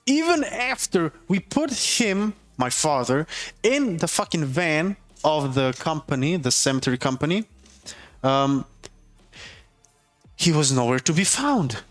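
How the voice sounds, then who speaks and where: A man with a somewhat high voice talks through a story on his livestream. He is heated and profane, and he rambles and restarts his sentences. Faint music plays behind him. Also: a bit bright. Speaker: livestreamer and tattoo artist.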